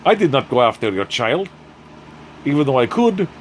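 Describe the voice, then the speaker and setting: A man voicing a gruff, proud former male spy in a mock Russian accent, speaking stiff, broken English. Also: medium pitch, sing-song, normal speed, slight background noise, close to an everyday voice. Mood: wounded pride.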